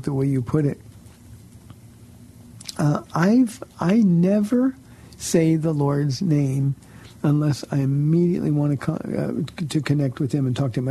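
A man pastor hosting a call-in radio show, answering Bible questions in an earnest, halting way with frequent repeated words. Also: fairly high pitch, dark tone, breathy edge.

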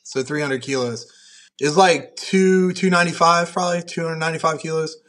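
A man's voice: fairly high pitch, steady tone, a little fast, a bit bright. A young man, a powerlifter, telling stories on a podcast in a rambling, profane way, full of "like". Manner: profane, rambling, heavy use of "like". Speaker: podcast guest, powerlifter and referee. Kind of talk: casual podcast chat.

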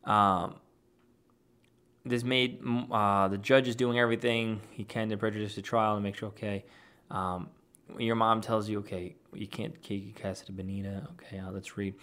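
A man's voice: on the low side, level tone, moderate pace, a bit bright. A man giving an argumentative, dismissive reaction as an online commentator, reacting to a clip and reading posts aloud.

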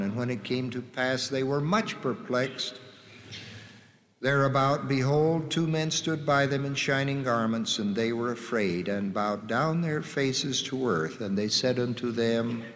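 A man slowly and solemnly reading scripture passages aloud, naming the gospel after each one, his voice heard from a distance in a reverberant hall. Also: mid-range voice, fairly even intonation, a bit bright, slight background noise. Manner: slow, measured, solemn reading with drawn-out quotes.

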